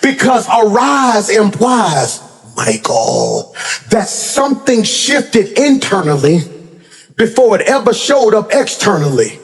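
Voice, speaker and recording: A male pastor preaching in a church sanctuary, his voice sitting high and bright. He moves between playful storytelling and shouted, fervent exhortation. A long reverb trails every line. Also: sing-song, takes it slowly. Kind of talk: sermon.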